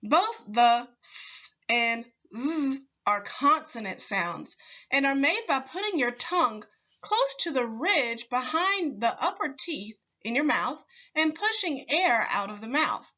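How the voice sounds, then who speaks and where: A woman teacher leading a slow, clear phonics lesson for young children, patiently sounding out words with deliberate pauses. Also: high-pitched, big pitch swings, pushed and bright, muffled recording.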